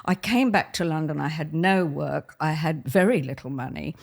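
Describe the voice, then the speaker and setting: An older woman from Australia, telling lively stories of her dancing career as a podcast guest and laughing as she goes. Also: low-pitched, normal speed, creaky. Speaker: guest, former ballet soloist. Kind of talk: anecdotal storytelling in conversation.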